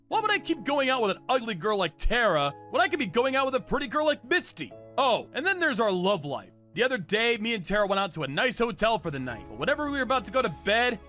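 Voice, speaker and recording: A woman voicing a smug, cruel young man who mocks his ex-girlfriend, in a sneering animated-story performance. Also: fairly high pitch. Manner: sneering, mocking.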